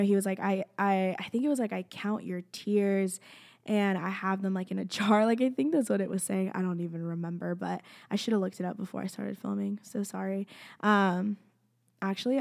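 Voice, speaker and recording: A woman's voice: mid-range voice, creaky, a little mellow. A young woman telling a personal faith story to camera, earnest and chatty, with "like" in nearly every phrase. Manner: chatty, earnest, fills speech with "like". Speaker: faith vlogger. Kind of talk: casual personal testimony to camera.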